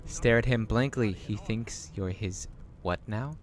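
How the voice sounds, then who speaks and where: A man's voice: lowish voice, unhurried, over music. A young man casually commenting while playing a game, joking and reading choices aloud. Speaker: let's play host.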